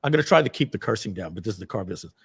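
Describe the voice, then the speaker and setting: A man's voice: lowish voice, lively intonation, racing, breathy edge. A middle-aged man telling a personal story to an audience, acting out the people in it with a raised voice and casual asides. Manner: acts out quoted people with loud raised voice; casual, swears lightly, many asides.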